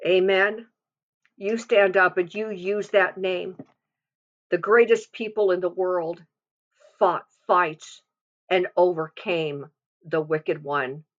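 A woman with a low voice gives an earnest devotional testimony. She exhorts her listeners and repeats phrases to drive them home. The recording sounds dull and lo-fi. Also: steady tone, slow pace, long pauses. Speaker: devotional speaker.

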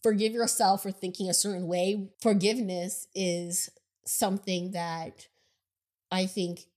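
A woman co-hosting a casual podcast, chatty and self-deprecating, often laughing, with a somewhat squeaky voice. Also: level tone, a little slow, darkish tone. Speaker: podcast co-host.

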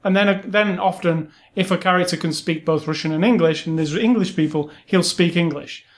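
A man's voice: high voice, brisk. A man co-hosting a casual movie review chat, opinionated and chatty, with frequent ums and restarts. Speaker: podcast co-host.

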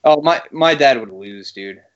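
A man's voice: medium pitch, animated, unhurried. A young man casually chatting on a podcast, crude and joking and swearing freely. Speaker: podcast co-host. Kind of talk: casual chat. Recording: slightly dull sound.

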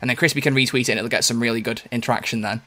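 A man's voice: mid-range voice, fairly even intonation, racing, sharp tone. A young man co-hosting a casual podcast, playful and rambling, with lots of restarts. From United Kingdom. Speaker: podcast co-host.

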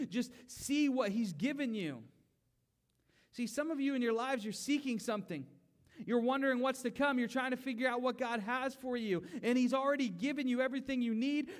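A man preaching a conversational sermon, acting out complaining voices and rising to emphatic pleas. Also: very high voice.

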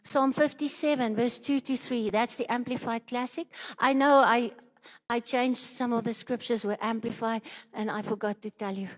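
A woman preaching a charismatic sermon, building into loud rhythmic declarations and speaking in tongues, at times out of breath. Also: a little high, fairly even intonation, moderate pace, in a large hall.

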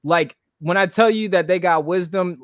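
A young man hosting a podcast over a video call, talking in lively, slangy casual chat. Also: sits high, moderate pace, dry recording, studio quality. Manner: animated, slangy, hyped talk. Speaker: podcast host.

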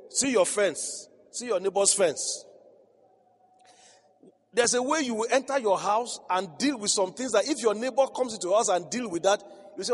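A man's voice: high-pitched, lively intonation, brisk, slightly rough. A man preaching a sermon as a pastor, telling stories with frequent laughter and building to emphatic peaks. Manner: storytelling, laughing often, rising to emphatic crescendos. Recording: reverberant hall.

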